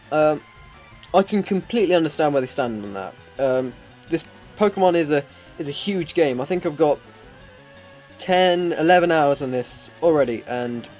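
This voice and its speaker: A man's voice: fairly high pitch, a little mellow. A man giving casual, rambling commentary over a video game, with self-deprecating humor. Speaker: Let's Play commentator.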